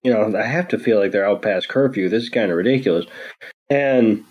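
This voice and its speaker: A man's voice: on the low side, a little fast, highs cut off. A man co-hosting a podcast, casually recapping an episode and throwing in blunt, sarcastic asides. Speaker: podcast co-host.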